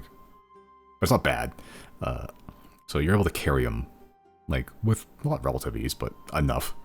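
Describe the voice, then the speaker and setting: A man narrating a tabletop game as game master, rambling, relaxed and laughing often. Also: very deep voice.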